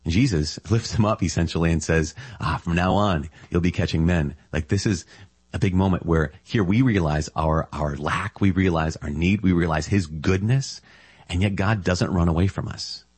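A man's voice: low voice, moderate pace, a little mellow, breathy edge, no room sound. A man giving a casual, enthusiastic reflection on scripture as a Catholic preacher, often marvelling aloud.

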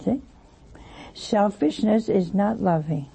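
Slow, gravelly-voiced woman preaching. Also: medium pitch, dark tone. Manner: chatty, teasing rhetorical questions and anecdotes. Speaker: religious teacher. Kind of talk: folksy sermon teaching.

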